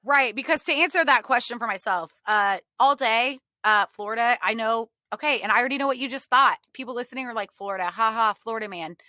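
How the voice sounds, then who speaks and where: A woman hosting a podcast in casual chat, animated and joking, swearing now and then. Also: on the high side, a little fast, few pauses, dry recording. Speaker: podcast host.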